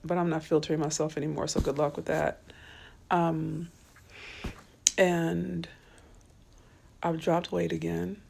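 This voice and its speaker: A weary woman chats with her viewers on a live stream, her voice slow and a bit gravelly. She sounds low on energy and a little weepy, speaking softly from her bed at home. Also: level tone. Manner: soft and tired, weepy, talks to viewers by name. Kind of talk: casual live-stream chat. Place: bedroom at home.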